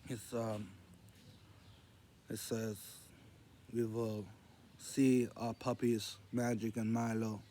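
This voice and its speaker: A man telling rambling jokes in casual storytelling, meandering and loose as he quotes others in a low murmur. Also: flat delivery, slow, long pauses, warm tone, a little hiss or hum.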